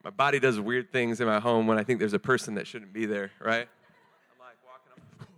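A young man preaching a sermon in a casual, joking and animated way, with many fillers. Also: lowish voice, quick pace, smooth.

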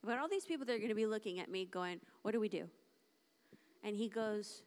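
A woman's voice: medium pitch, quick pace. Woman preacher, sermon, emphatic, conversational, acts out dialogue. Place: church service.

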